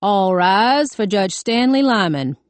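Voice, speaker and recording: Woman reading as a brisk, formal court clerk. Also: medium pitch, lively intonation, no echo. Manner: announcing, formal.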